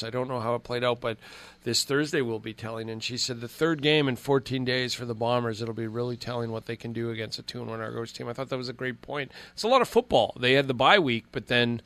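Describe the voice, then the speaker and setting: A Canadian man hosting a sports radio show, chatting casually and telling stories with lively asides. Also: medium pitch. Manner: chatty, storytelling with animated voice impressions.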